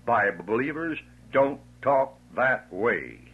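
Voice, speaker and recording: A man's voice: medium pitch, very animated, slow, breathy edge. A man preaching a fiery sermon, emphatic and scornful, stretching out his stressed words. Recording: tinny lo-fi old tape.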